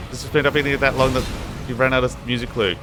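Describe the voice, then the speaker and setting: A man's voice: mid-range voice, level tone, fast talker, noisy background. A young man streaming a game, chatting and rambling to his viewers in a casual, swearing way, sounding tired. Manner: rambling, swears a lot, chatty asides to chat. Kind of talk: casual gaming stream chat.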